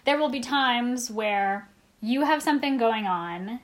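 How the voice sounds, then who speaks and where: A woman's voice: on the high side, expressive, measured pace. A woman co-hosting a podcast in casual chat, giving encouraging advice and laughing easily. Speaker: podcast co-host.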